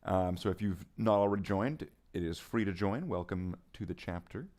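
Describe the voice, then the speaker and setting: A man's voice: sits low, normal speed, a little mellow. A man chatting casually while painting miniatures on a hobby stream, rambling and joking as he thinks aloud.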